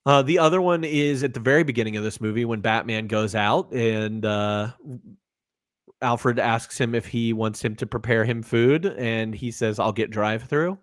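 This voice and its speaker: A man's voice: medium pitch, steady tone, moderate pace, no echo. Man chatting about a movie, dry sound. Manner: rambling, with many fillers and restarts. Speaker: podcast co-host. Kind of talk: casual movie-review chat.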